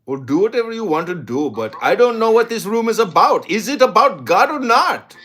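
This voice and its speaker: A man's voice: high-pitched, big pitch swings, fairly quick, a bit bright. A man from India, a participant in a live audio room, arguing indignantly and repeating himself insistently.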